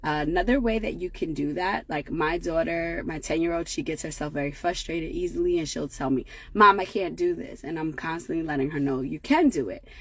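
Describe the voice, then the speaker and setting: A woman's voice: deep voice, a little fast, few pauses, darkish tone. A woman in her thirties giving a conversational motivational talk to parents, often checking in with "right?". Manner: conversational, many fillers and tag questions. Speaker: parenting educator.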